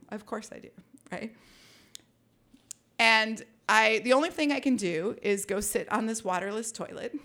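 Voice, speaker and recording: A woman from Minnesota telling a lively personal story, with wry asides and vivid detail. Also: on the high side. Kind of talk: personal story told to an audience.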